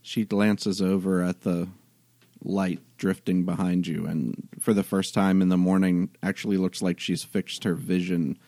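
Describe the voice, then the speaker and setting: A man narrating and running a tabletop role-playing game in a relaxed, halting way with many fillers. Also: deep voice, no echo. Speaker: game master.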